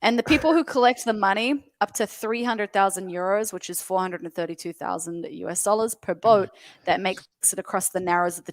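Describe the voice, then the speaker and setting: A woman's voice: lowish voice, no room sound. An Australian woman reading a news article aloud as a podcast guest, laughing often between lines.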